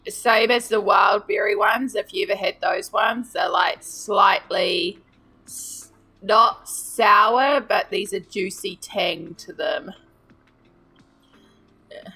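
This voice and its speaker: A woman's voice: mid-range voice, slow, gravelly, bright, forceful tone, breathy edge. A woman, chatting casually with viewers on a live stream while she colours, greeting and thanking them by name. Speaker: art streamer.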